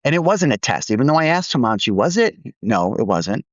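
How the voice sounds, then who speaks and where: A man's voice: medium pitch, sing-song, brisk, no room sound, dull audio. A man co-hosting a podcast tells a candid work story. He pokes fun at himself and laughs as he talks. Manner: candid, self-deprecating, laughs while telling stories. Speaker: podcast co-host.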